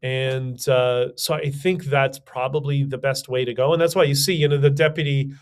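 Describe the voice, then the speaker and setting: A man's voice: medium pitch, fairly even intonation, normal speed, clear, resonant tone. A man hosting a livestream, giving casual, opinionated commentary with many fillers, restarts and sardonic asides. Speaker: podcast host.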